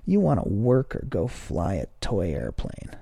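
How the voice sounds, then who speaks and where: A man voicing a calm, bossy older man who speaks matter-of-factly and talks down to others in a story reading. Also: a bass voice, slow, creaky, husky, no room sound, full character voice. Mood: blunt. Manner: matter-of-fact, talking down.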